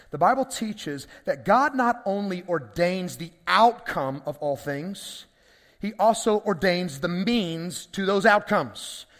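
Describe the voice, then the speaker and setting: A man preaching a sermon as pastor, talking conversationally to his congregation and asking rhetorical questions. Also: sits high. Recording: long reverb of a large hall.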